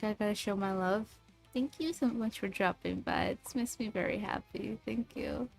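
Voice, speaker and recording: A woman's voice: medium pitch, moderate pace, vocal fry, soft background music. A woman chatting casually with her livestream viewers in a playful, teasing way. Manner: playful, teasing, lots of laughs.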